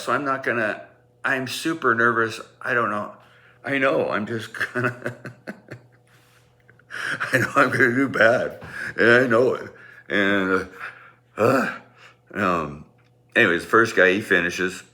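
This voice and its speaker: Middle-aged male storyteller, very low and bright voice, rambling and self-mocking. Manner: rambling, self-deprecating, many restarts. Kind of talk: personal storytelling.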